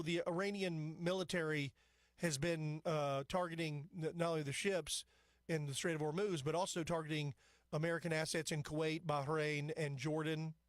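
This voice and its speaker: A man's voice: fairly high pitch, dry recording. A man hosting a talk radio show, delivering a rambling, opinionated monologue full of asides into a studio microphone.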